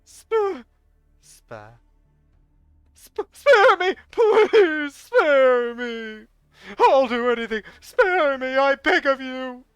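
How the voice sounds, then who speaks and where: A frantic old churchman, shrill and stammering, begging for his life in a voice that shoots up into loud, cracking cries, as a streamer puts him on. His pitch swings wildly from line to line. He sounds close and dry, as if read straight into a microphone. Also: animated, very slow, no echo, dull audio, faint music behind, full character voice. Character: panicked terrified old male bishop. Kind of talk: live-streamed game story reading.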